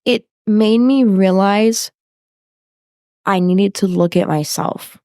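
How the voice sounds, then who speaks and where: A woman's voice: mid-range voice, a little mellow, clear, resonant tone, no echo, clean studio sound. A woman from New York talking loosely as a podcast guest, full of fillers and tangents. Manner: slow, loose and talkative, with fillers. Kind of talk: casual interview chat.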